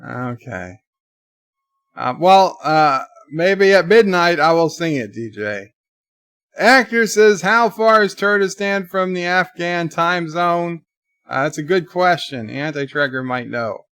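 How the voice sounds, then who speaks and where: Man, livestream host, slightly high voice, reading and answering chat, dry close mic. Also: lively intonation, takes it slowly, a bit bright, clean tone, no echo. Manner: reads chat messages aloud and answers them. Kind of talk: casual livestream chat, reading viewer comments aloud.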